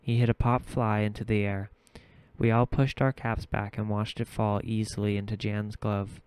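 Man narrating a novel in a low, smooth voice. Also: a little mellow, no echo. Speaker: audiobook reader. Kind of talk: audiobook narration.

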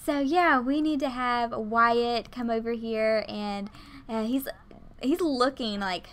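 A woman hosting a gaming video, chatting excitedly and gushing over what happens on screen. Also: a little high, slow. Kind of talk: excited game commentary.

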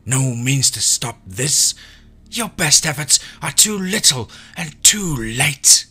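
A man voicing a menacing woman villain full of stolen power, crooning and booming slowly with a faint echo on her voice. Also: sing-song, bright, forceful tone, breathy edge, faint music behind, full character voice. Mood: booming scorn. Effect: slight echo on voice. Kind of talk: horror story reading.

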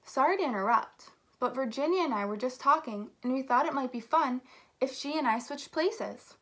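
A very polite storybook state excuses itself courteously, as a woman reading aloud gives it a voice. The tone is gentle and a touch high. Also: expressive, moderate pace.

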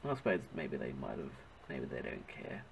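A man's voice: rumbling low, wildly swooping pitch, normal speed, gravelly, slight background noise, rough recording. A man with an Australian accent chatting casually as he narrates his drawing, often stopping to search for the right word. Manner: chatty, self-correcting, searches for words. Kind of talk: casual rambling commentary while drawing.

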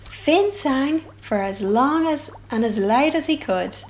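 Woman reading a picture book aloud, slow and expressive, high lively voice, library storytime. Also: slight background noise. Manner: expressive, sound effects.

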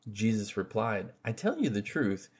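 A man reading scripture aloud in an unhurried, measured way, with occasional slips and restarts. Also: lowish voice, sing-song, husky. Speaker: scripture reader.

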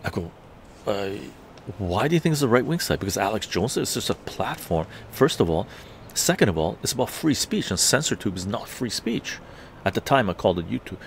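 Gravelly, profane ranting man. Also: fairly low pitch, big pitch swings, a little fast, slight background noise. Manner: profane, heated storytelling. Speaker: live streamer. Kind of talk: ranting live-stream monologue.

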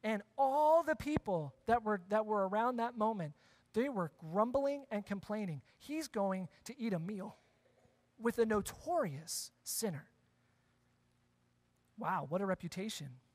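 A man's voice: sits high, animated, unhurried. A man preaching a sermon as pastor, talking conversationally, repeating key phrases and asking the congregation questions. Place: church sanctuary. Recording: long church hall reverb.

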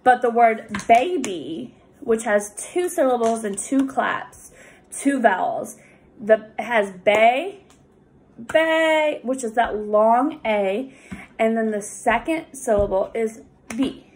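A woman tutoring young readers, explaining reading rules patiently with many pauses and fillers. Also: fairly high pitch, animated, darkish tone. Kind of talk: recorded lesson for students.

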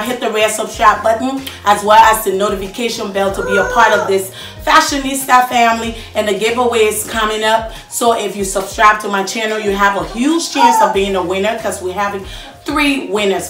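Woman vlogger hyping up her viewers, bit far from the mic, roomy echo. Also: mid-range voice. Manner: energetic, addresses viewers directly. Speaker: lifestyle vlogger. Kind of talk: upbeat channel intro. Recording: roomy echo, from away from the mic, faint music.

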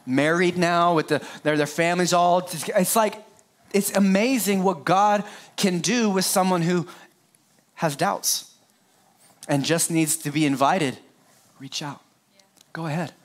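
A middle-aged pastor preaches an Easter sermon in a high-pitched, steady, unhurried voice. He's playful, tossing in joking asides and addressing his congregation directly.

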